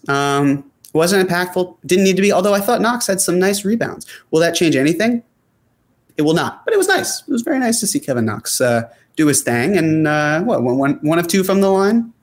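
A man with a slightly higher voice hosts a casual sports talk show. He reads out viewer comments and answers them in a loose, chatty way, with many fillers and restarts. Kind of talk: casual chat.

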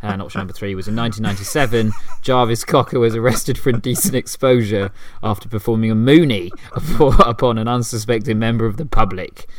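A man hosting a comedy podcast, delivering absurd quiz facts deadpan and giggling between them. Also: lowish voice, fast talker, hardly any pauses, a little hiss or hum. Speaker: podcast host.

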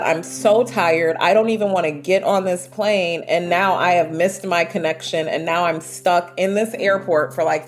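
A woman from the United States, a guest in an interview, telling personal travel stories in a vivid, animated way with quoted asides. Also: deep voice. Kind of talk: storytelling interview.

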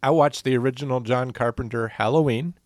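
A medium-pitched, brisk male voice comes through a dry, studio-quality recording. The speaker, an ex-police officer co-hosting a podcast, trades casual banter by rambling through jokey stories loaded with fillers.

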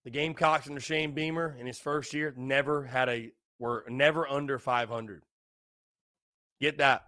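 A man's voice: medium pitch, steady tone, moderate pace, pushed and bright, no room sound, studio quality. A young man hosting a casual solo podcast, tipsy, rambling and repeating himself. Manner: rambling, repetitive, loose and tipsy. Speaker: podcast host.

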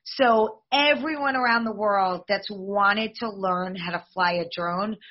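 A woman in her forties, a league executive, answering podcast interview questions in an upbeat, promotional, fast-flowing way. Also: medium pitch, lo-fi sound.

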